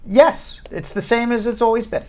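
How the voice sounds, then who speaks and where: A man hosting a live web show as an immigration lawyer, answering viewer questions quickly and with dry jokes. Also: very high-pitched, dark tone.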